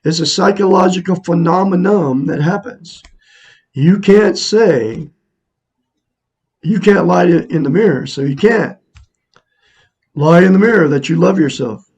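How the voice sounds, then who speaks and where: A man's voice: high-pitched, unhurried, long pauses, a little mellow, breathy edge. A man in his sixties earnestly talking to viewers in a casual, repetitive, preachy monologue. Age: 60s. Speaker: self-help vlogger. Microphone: camera mic, looking into a mirror.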